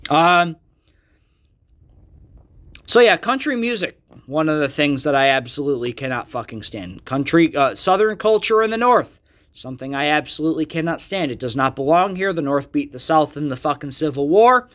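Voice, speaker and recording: High-ish voiced american guy ranting on his podcast, swears a lot, super up and down delivery. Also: normal speed. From United States. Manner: profane, animated ranting. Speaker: podcast host. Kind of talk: solo podcast rant.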